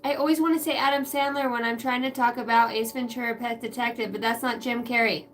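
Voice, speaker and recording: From her backyard shed, a woman gives a casual live tarot reading, rambling, telling crude jokes and laughing a lot. She talks fast in a steady, fairly high voice.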